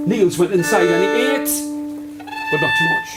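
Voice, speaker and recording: A male storyteller telling a folk tale live, coaxing the audience to join in, with loud fiddle music in the background. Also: high-pitched, unhurried, pauses often.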